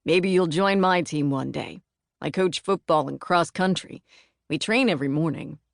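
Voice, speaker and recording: An easygoing male coach with a deep voice , as a woman narrator reads him, encouraging and unhurried. The tone is low and gravelly, in a close, dry audiobook reading. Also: no room sound. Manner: easy, practiced, encouraging.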